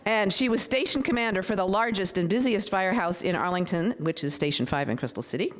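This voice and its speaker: A middle-aged woman hosting a civic gathering, speaking into a podium microphone before an audience. She talks in a friendly, rambling way, full of fillers and self-deprecating asides. Her pitch sits in an ordinary middle register for a woman. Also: quick pace. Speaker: county board member, master of ceremonies. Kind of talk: informal public event hosting and proclamation reading. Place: public event room with an audience.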